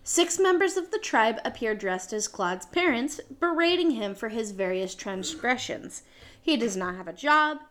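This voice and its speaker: A woman's voice: fairly high pitch, lively intonation, normal speed, fairly bright tone. A woman co-hosting a podcast, reading out a show synopsis from a script with small slips and self-corrections. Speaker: podcast co-host.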